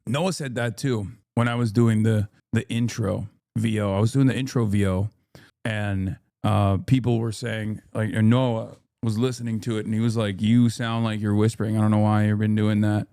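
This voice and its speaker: A man in his thirties chats loosely on a live stream, circling back and restarting his thoughts. His voice sits low and mellow. The sound is dry, with little room around it. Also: steady tone, normal speed, no echo. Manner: rambling, many restarts and fillers, reads chat aloud. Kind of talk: casual live-stream chat.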